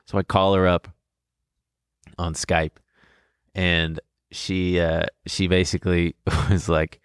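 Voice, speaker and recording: A young man chats through a long personal tale, rambling and swearing with bursts of laughter. His voice sits on the low side. The sound is dry and close, with no room echo. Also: flat delivery, takes it slowly, long pauses, clear, resonant tone. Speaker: podcast co-host. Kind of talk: casual storytelling chat.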